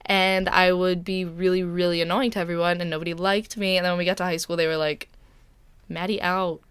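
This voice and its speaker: Smooth, dry-sounding young woman chatting. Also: fairly low pitch, flat delivery, quick pace, a bit bright, no echo. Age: young adult. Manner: giggly, rambling, full of likes. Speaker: podcast co-host. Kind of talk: casual chat.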